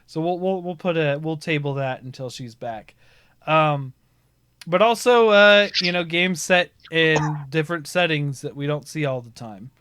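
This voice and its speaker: A man hosting a casual gaming podcast who tells rambling, animated stories and laughs often. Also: fairly high pitch, normal speed, smooth, no room sound, studio quality. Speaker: podcast host. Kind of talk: casual storytelling chat.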